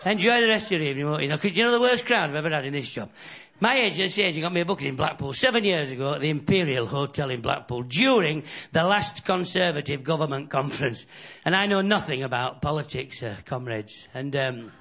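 A man from the north of England doing a bawdy stand-up routine, telling stories and slipping into quick character voices. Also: fairly high pitch, lively intonation, fairly bright tone. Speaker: stand-up comedian. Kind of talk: stand-up routine with crowd laughter. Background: audience laughter.

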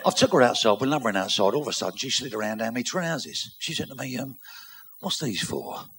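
A man telling bawdy jokes as a stand-up comedian, brash and rapid-fire, laughing through his punchlines. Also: mid-range voice, fairly bright tone. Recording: live club with crowd and noise.

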